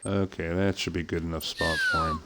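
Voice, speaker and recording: A middle-aged man from Pittsburgh with a softened Pittsburgh accent, casually chatting with viewers while streaming a hunting game, full of "uh" fillers and easy laughs. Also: low voice, wildly swooping pitch, brisk. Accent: softened Pittsburgh American. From southwest Pennsylvania, USA. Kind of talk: casual live-stream commentary.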